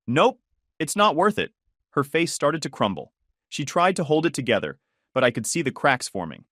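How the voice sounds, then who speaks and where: A man narrating a first-person story in a flat, cold, detached way. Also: fairly high pitch, moderate pace, no echo, studio quality.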